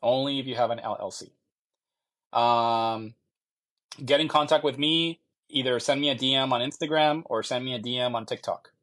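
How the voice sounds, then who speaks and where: A young man working as a mortgage loan officer in a live stream, answering viewer questions in a halting way and repeating phrases as he checks. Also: mid-range voice, fairly bright tone.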